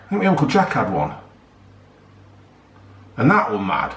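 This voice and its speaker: A man's voice: medium pitch, huge pitch swings, normal speed, fairly bright tone. Rambling man, roomy sound. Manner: chatty and rambling, stumbles over hard words, calls viewers "folks". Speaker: YouTuber reviewing a beer. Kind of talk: casual rambling chat to viewers. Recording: roomy echo.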